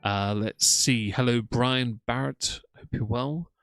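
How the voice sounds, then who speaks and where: A man's voice: medium pitch, fairly even intonation, takes it slowly, gravelly, a bit bright, soft background music. A young man giving casual, sarcastic live-stream commentary and talking to his chat. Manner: chatty, sarcastic, greets chat by name. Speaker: streamer reacting to videos.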